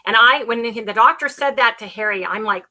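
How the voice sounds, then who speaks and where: A woman, a guest on a livestream, telling her story in casual chat, animated and talkative, with frequent restarts. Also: fairly high pitch, a little fast. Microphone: livestream call.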